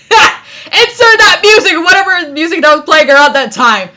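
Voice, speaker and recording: Young woman rambling thru a fanfic reading, high lively voice, giggles and ums everywhere. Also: normal speed, heavy background noise. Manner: giggly, rambling, full of fillers. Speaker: fanfiction reader. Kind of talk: casual reading with commentary.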